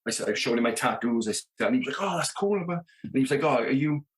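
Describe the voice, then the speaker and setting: This podcast guest is a drummer in a rock band, a man in his thirties from the Merthyr Tydfil area of South Wales. His medium-pitched voice is animated and quick as he casually recounts tour tales, performing the dialogue and leaning often on "you know what I mean."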